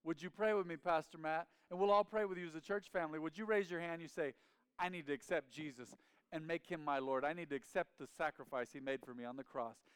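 A man's voice: fairly high pitch, fast, fairly bright tone, clean tone, no room sound. Resonant male pastor preaching with fervor. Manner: emphatic call-and-response preaching, leading the congregation in repeating phrases. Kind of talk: sermon. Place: church sanctuary.

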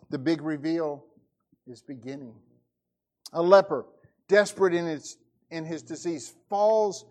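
Dramatic male preacher. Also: on the high side. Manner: dramatic preaching, voice rising and dropping to a hush. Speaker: pastor. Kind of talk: sermon.

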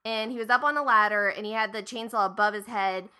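A woman's voice: mid-range voice, steady tone, fast talker, sharp tone, clean tone. A woman in her thirties from Ohio, telling a family story in casual chat, acting out quoted lines and swearing freely.

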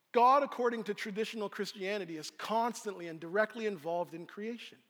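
A man preaching a sermon as pastor, telling a scene with lively storytelling and acting it out. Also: sits high. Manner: animated storyteller, acts out scenes. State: out of breath. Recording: long hall reverb.

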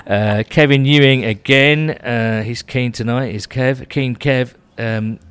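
A man's voice: medium pitch, steady tone, slow pace, fairly bright tone, clean tone. A man hosting a casual podcast chat, reading out listener tweets with wry asides. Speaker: podcast host.

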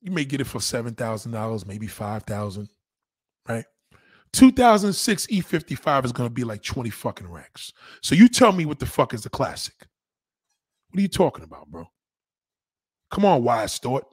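A livestreamer reads viewer comments and mocks one in a heated, profane rant, repeating himself for emphasis. His delivery is animated, with his pitch jumping up whenever he gets indignant. He talks at a normal speed with a breathy edge, and the recording is dry and studio quality.

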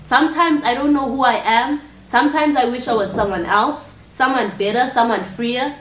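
A woman's voice: fairly high pitch, normal speed, slight background noise. A woman performing spoken word poetry in an intense, confrontational way. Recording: echoey room from far off with faint ambience.

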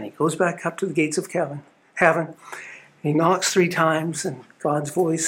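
A man's voice: high voice, moderate pace, a bit bright. A man giving an earnest, storytelling sermon at a spiritual living center. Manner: earnest storytelling with small restarts.

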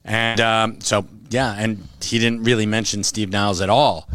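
A man co-hosting a casual podcast, telling a story with animated retelling and free swearing. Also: fairly low pitch, moderate pace, no echo, clean studio sound. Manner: animated storytelling, acts out quotes, swears freely. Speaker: podcast co-host, comic shop worker. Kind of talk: casual chat.

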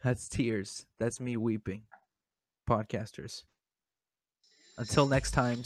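A man's voice: medium pitch, takes it slowly, long pauses, music in the background. A man hosting a comedy podcast, talking in a mock-dramatic, self-pitying way and often stammering over his words. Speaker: podcast host.

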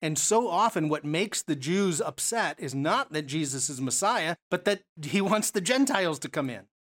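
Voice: medium pitch, animated, normal speed, a bit bright. A preacher teaching a Bible passage in a conversational sermon, full of rhetorical questions and self-corrections.

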